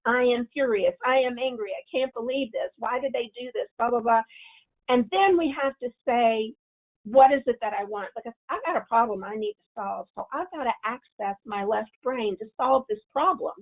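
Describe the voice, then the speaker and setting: Woman, webinar presenter, slightly high voice, gravelly, tinny phone-like sound, coaching tone. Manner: acts out angry self-talk, then coaches calmly. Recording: tinny phone-line audio.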